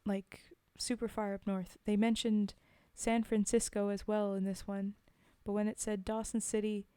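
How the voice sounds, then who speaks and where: Between poems, a woman streamer makes casual chat, punctuated by giggles and ums. She has a mid-range, mellow voice with a clear, resonant tone, captured in a dry recording.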